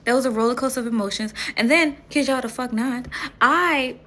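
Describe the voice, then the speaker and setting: A young woman telling a casual story in a vlog, animated, often laughing and swearing freely. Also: high voice, fairly quick. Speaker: vlogger.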